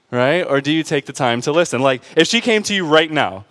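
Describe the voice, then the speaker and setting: A man's voice: on the high side, brisk, fairly bright tone. A man preaching a conversational sermon, informal and joking, often checking in with the congregation with "right?" and "okay?". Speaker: pastor.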